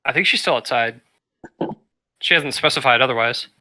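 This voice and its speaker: Bright-voiced laid-back game master. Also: male voice, mid-range voice, moderate pace, poor audio. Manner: laid-back, hesitant, many fillers and laughs. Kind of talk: running a tabletop game.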